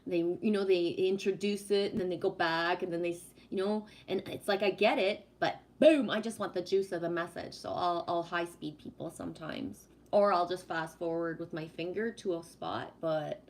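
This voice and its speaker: A woman's voice: on the low side, fairly even intonation, moderate pace, hardly any pauses. A woman hosting a casual livestream, projecting her voice and affectionately calling viewers sweetie as she reads their comments. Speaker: livestream host reading chat. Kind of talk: casual live-stream chat with viewers.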